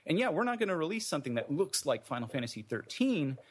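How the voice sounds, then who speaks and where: A man's voice: on the high side, big pitch swings, quick pace, breathy edge. Man, an indie game developer, musing. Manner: thoughtful, many fillers and restarts. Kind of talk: casual interview answers.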